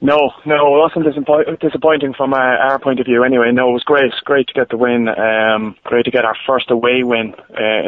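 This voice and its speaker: A man from Ireland talks casually as a guest, his answers loose and full of restarts and fillers. The sound is tinny and phone-like, with no room sound around it. His voice sits at a middling pitch. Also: no room sound. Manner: easygoing, many fillers and restarts. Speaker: guest footballer. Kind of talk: casual interview over the phone. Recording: dry, tinny phone line.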